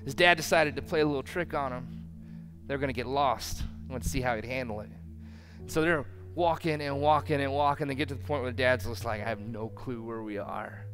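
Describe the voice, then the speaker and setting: A pastor delivering a sermon who swings from loud declarations to hushed lines and acts out listeners' reactions. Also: male voice, medium pitch, brisk, faint music behind.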